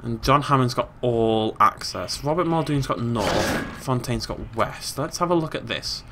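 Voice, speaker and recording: A British man hosting a let's play, joking, talking to the game and making squeaky silly noises as he plays. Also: measured pace, background noise. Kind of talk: casual gameplay commentary.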